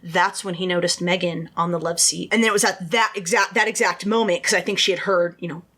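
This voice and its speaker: A woman's voice: fairly low pitch, fairly even intonation, fairly quick, fairly bright tone. Chatty woman telling a true-crime story. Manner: chatty, full of "like" and "you know", talks to listeners directly. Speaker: podcast host.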